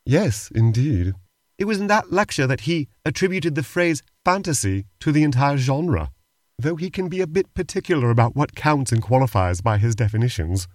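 A man's voice: medium pitch, lively intonation, moderate pace, dry recording. A man co-hosting a comedy podcast, answering in a dry, exasperated manner. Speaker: podcast co-host.

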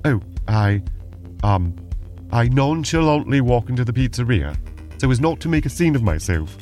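A man's voice: mid-range voice, sing-song, normal speed, a little mellow, soft background music. Dry, exasperated podcast co-host man. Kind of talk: playful role-play banter.

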